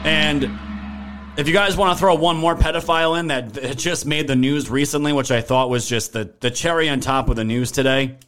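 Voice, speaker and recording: A man's voice: a little high, fairly quick, fairly bright tone, faint music behind. A man hosting a political live stream, ranting in a heated, profane way and thanking viewers in chat. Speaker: livestream political commentary host.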